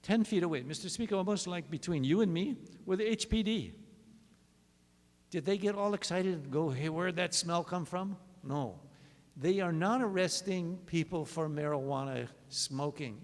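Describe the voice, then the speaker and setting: A man, a state legislator, rebutting in floor debate with an animated, anecdotal style. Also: fairly high pitch, moderate pace. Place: large legislative chamber. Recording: long chamber reverb.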